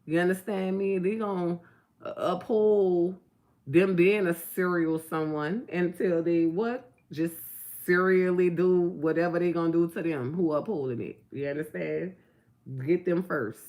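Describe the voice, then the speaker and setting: Gravelly blunt middle-aged woman. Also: on the low side, steady tone, unhurried, a little mellow. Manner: preachy, blunt and profane, full of rhetorical questions. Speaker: vlogger. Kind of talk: casual talk to camera.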